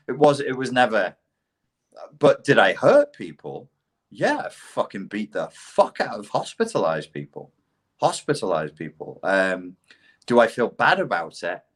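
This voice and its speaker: A man's voice: lowish voice, measured pace. A middle-aged man with a posh English accent, telling blunt, profane stories as a podcast guest. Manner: blunt and profane, animated storytelling. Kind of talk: casual conversation.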